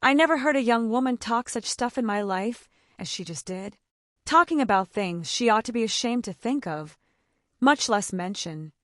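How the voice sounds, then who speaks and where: A woman's voice: fairly high pitch, expressive, normal speed, fairly bright tone, dry recording, clean studio sound, pitched above the performer's own voice. A woman reading the part of an irascible older man who snorts and blusters angrily. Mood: angry. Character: pudgy, irascible old uncle.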